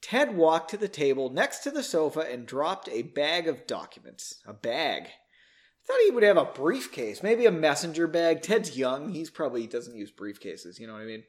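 A man's voice: on the high side, very animated, normal speed. A man hosting a podcast, casually reading a story aloud and breaking off for joking, self-deprecating asides.

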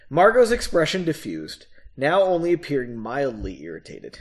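A man's voice: medium pitch, animated, moderate pace, hardly any pauses. A man reading a story aloud and breaking off for casual, self-mocking asides. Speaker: reader of his own novel.

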